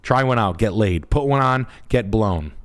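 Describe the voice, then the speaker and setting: A brash man with a low, steady voice, trading crude jokes on a podcast. He talks loosely and profanely, like he is riffing with a friend. His delivery is blunt and unfiltered. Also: moderate pace. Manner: brash, profane, puts on voices while telling stories. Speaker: podcast host. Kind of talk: crude comedic podcast chat.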